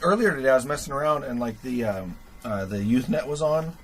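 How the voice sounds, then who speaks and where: A man with a mid-range voice hosts a livestream, chatting in a rambling, casual way while he tinkers with gear. He talks quickly with lively intonation, thinking aloud with plenty of fillers and chuckling at himself. The recording is rough, with slight background noise.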